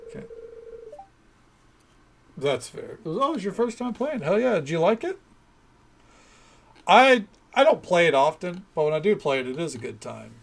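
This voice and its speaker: A man's voice: high voice, sing-song, moderate pace, creaky, long pauses. A man streaming a farming game, chatting casually in a laid-back way and swearing now and then. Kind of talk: casual gameplay commentary.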